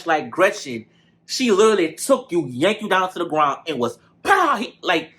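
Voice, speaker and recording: A man recapping a reality show episode in casual, animated commentary, full of cursing and gossip, often calling the viewers y'all. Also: high voice, moderate pace.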